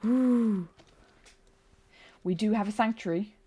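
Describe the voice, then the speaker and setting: Speaking slowly, a bilingual woman with a medium-pitched, warm, husky voice chats during a game stream. She's giggly, chatty and self-mocking in this casual live-stream talk, close to a desk mic.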